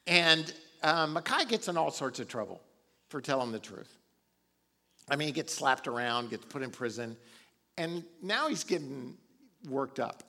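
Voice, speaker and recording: A man's voice: medium pitch, very animated, unhurried, pushed and bright. A man preaching a sermon, retelling a Bible story casually with chuckles and asides. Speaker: pastor.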